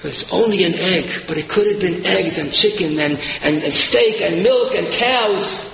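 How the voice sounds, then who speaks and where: A man voicing a poor widowed mother who patiently explains her plans in a lowered, calm voice. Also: measured pace, gravelly, full character voice. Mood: grieving. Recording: echoey hall.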